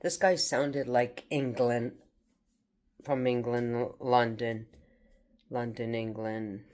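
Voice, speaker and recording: A woman from France, speaking in a halting, rambling personal video monologue and confronting unseen hackers. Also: very deep voice, little pitch movement, a little mellow. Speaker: vlogger.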